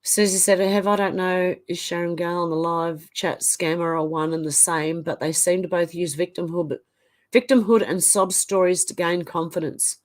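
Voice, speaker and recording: On a casual live stream, a middle-aged Australian woman reads out viewer comments and reacts chattily, still coughing as she gets over the flu. She speaks at a normal speed in a steady tone, her pitch on the low side.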